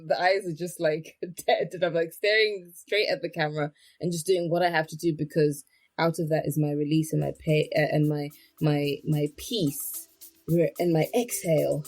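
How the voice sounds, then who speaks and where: A woman's voice: sits low, fairly even intonation, moderate pace, darkish tone, soft background music, low-quality recording. A woman from Zimbabwe speaking as a podcast guest, reflective and searching for words as she talks. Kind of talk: personal interview talk.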